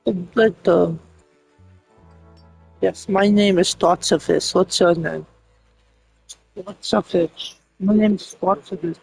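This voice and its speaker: A woman voicing a gruff, low-voiced grown man who slowly introduces himself by name during a video game. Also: fairly even intonation, darkish tone, faint music behind, low-quality recording.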